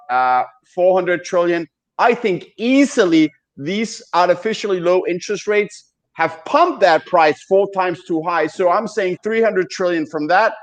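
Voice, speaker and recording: A middle-aged man with a Danish accent, hosting a casual podcast chat and talking haltingly with many fillers. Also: a little high. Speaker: podcast host.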